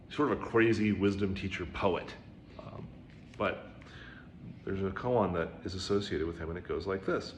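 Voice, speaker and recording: Low-voiced man giving a casual Zen talk. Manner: conversational, many "right?" and "you know" asides; acts out quoted dialogue with raised pitch. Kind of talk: informal dharma talk. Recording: roomy echo with faint background noise.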